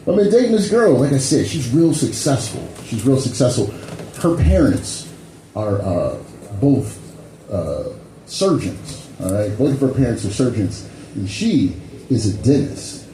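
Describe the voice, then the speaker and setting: Mellow, lively stand-up comedian man. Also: medium pitch, a little slow, slight background noise. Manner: loose and conversational, tags lines with "you know" and "man". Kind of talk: stand-up set with crowd work. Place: comedy club stage. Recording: echoey club room, faint ambience.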